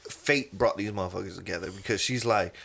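A man, a podcast host telling a profane, animated story in casual chat and acting out the people in it. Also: low-pitched, brisk, vocal fry, husky. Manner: animated, profane, acts out quoted voices.

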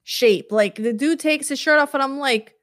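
A woman's voice: sits high, moderate pace, no room sound, clean studio sound. A woman co-hosting a casual talk podcast, speaking candidly and emphatically with casual swearing. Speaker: podcast co-host. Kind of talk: casual chat.

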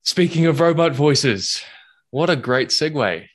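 A man's voice: a little high, lively intonation, a little slow. A man hosting a casual chat, joking and laughing often. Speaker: podcast host.

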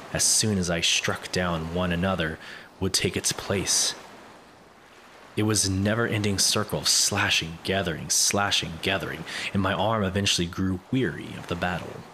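A man reading a formal letter aloud in a put-on British accent, with background noise. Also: low voice. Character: formal letter writer reporting to a governor. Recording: noisy background.

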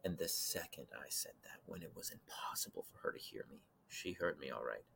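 As a guest on a podcast, a low-voiced young man dramatically recounts a creepy experience of his own in conversation. He performs the voices with animation, shifting between loud moments and hushed ones.

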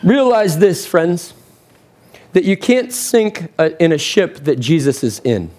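A man in his thirties, a pastor preaching a sermon in church, impassioned, with big swings in pitch and pace. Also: very animated, slow, darkish tone, slight background noise.

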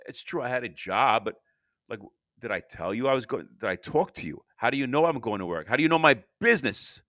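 A man's voice: mid-range voice, lively intonation, a little fast, bright, forceful tone, dry recording, clean studio sound. An older man hosting his own podcast, rambling through a restless solo monologue that breaks into sudden bursts. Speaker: podcast host.

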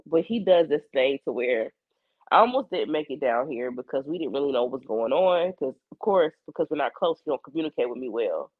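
A hoarse woman in her forties with a fading voice and a cough, talking candidly and reflectively in her personal video journal. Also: very deep voice, dry recording, narrow, tinny audio. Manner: candid, rambling, colloquial, reflective. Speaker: psychic medium keeping a video journal.

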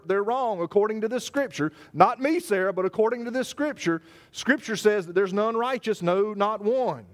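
A man preaching a sermon, stressing his words, repeating phrases and slowing down on scripture. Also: high voice. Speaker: pastor. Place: church service.

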